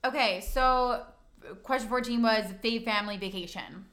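A woman's voice: fairly high pitch, moderate pace, a bit bright. A young woman co-hosting a podcast, reading out questions and chatting casually with many fillers, talking to listeners as "you guys". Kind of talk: casual chat.

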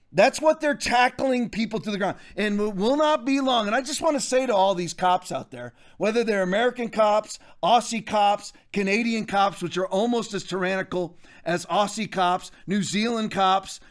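A man in his fifties hosting a political commentary show, ranting emphatically and addressing listeners directly. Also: high-pitched. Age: 50s. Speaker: show host.

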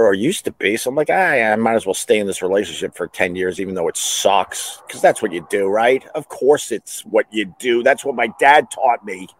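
Low-voiced, animated middle-aged storyteller man. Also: no room sound. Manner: laughs at his own stories, animated, swears. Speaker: podcast host, former radio host. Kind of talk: rambling solo storytelling.

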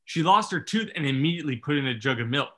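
Male podcast co-host, bright, slightly high voice, loose rambling film chat. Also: animated, quick pace. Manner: rambling, thinking aloud with many "like"s. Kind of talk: casual movie review chat.

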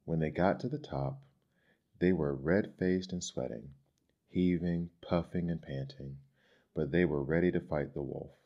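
A man reading children's stories aloud in a gentle, measured, expressive way. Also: rumbling low. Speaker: storyteller. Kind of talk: storybook reading. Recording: dull lo-fi recording.

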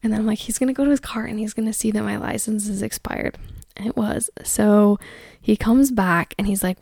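A woman's voice: medium pitch, steady tone, normal speed, gravelly, dark tone, no echo, clean studio sound. A young woman and mother telling a story to her viewers in a chatty, rambling way, full of likes and ums. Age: young adult. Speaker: vlogger.

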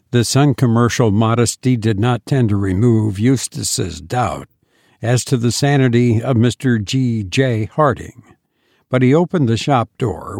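A man reads a story aloud at a slow, measured pace. His voice has a gravelly grain. It is recorded dry and close. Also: medium pitch, a little mellow, no echo. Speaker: narrator. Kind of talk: storybook reading.

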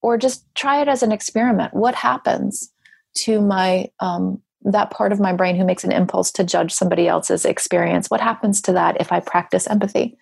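A woman's voice: medium pitch, fairly even intonation, normal speed, creaky, darkish tone, slightly rough, no room sound, clean studio sound. A woman guest speaking in a wry, emphatic, teacherly way during a casual podcast conversation. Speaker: podcast guest, grief writer.

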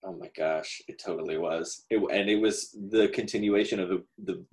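A man from the American South with a nasal voice guests on a podcast and talks in a chatty, rambling, enthusiastic way. His pitch sits on the low side. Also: moderate pace, a little mellow. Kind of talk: casual podcast conversation.

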